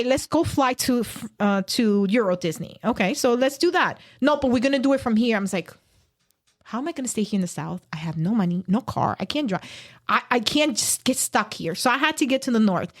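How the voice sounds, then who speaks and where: A woman guest on a podcast telling a personal story with emotion, acting out the people she quotes. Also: medium pitch. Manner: animated, acts out quoted voices.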